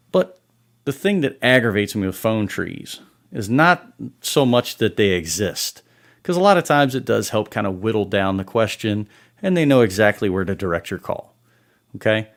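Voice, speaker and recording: A man hosting a comedic rant show, exasperated and sarcastic, swearing heavily. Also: medium pitch. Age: adult. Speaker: podcast host.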